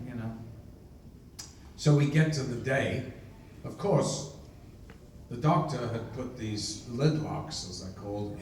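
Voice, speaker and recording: An older man, an interview guest, telling lively anecdotes and acting out other people's lines. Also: mid-range voice, a little hiss or hum. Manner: lively raconteur who acts out others' lines. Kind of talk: anecdotal storytelling. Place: convention hall. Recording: echoey hall, mic far off, faint ambience.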